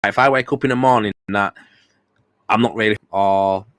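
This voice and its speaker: A man's voice: on the low side, fairly even intonation, moderate pace, fairly bright tone, clear, resonant tone, no room sound. A tired man hosting a casual livestream podcast, talking bluntly and swearing freely, rambling with lots of repeated fillers. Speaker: podcast host.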